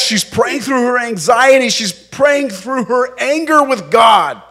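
A male pastor preaching a sermon, slow and emphatic, acting out the people in the story as he goes. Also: high-pitched, a bit bright.

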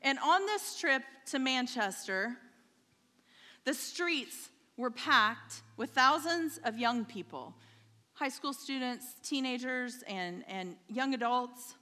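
A woman preaches to her church, telling a story at an unhurried pace and often checking in with her listeners. Her voice sits fairly high and rings bright and forceful. A long reverb trails off the sanctuary walls. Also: lively intonation. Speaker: pastor's wife preaching. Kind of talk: sermon.

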